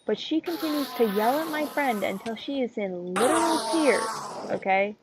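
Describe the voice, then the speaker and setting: A woman's voice: a little high, expressive, normal speed. Rambling teenage girl ranting. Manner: rambling, full of fillers and tangents. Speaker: vlogger. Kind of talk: casual rant. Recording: loud background noise and clicks.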